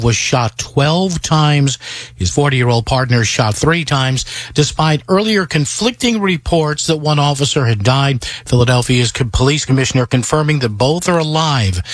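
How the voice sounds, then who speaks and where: Male radio newsreader, steady mid pitch, crisp and measured, dry studio. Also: dry recording. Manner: crisp, measured news read. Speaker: newscaster. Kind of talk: radio news bulletin.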